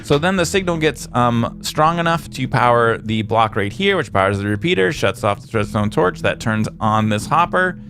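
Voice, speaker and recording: A man's voice: mid-range voice, lively intonation, normal speed, hardly any pauses. A young man casually commenting on his game in a playful, goofy way, with made-up words. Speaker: gaming video host. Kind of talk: casual let's-play commentary. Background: soft guitar music.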